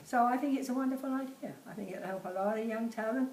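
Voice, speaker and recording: A woman's voice: fairly high pitch, fast, a little mellow. Elderly Cockney woman, chatty interviewee who laughs easily; distant mic in an echoey room with faint background hum. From Bermondsey, London. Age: about 80. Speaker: interviewee, host's mother. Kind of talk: casual chat. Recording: roomy, off-mic with faint ambience.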